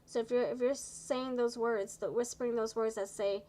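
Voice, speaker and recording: A woman doing a live tarot reading, chatty and encouraging, tired and low on energy, stumbling over her words now and then. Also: steady tone, moderate pace, dark tone, poor audio. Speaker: tarot reader.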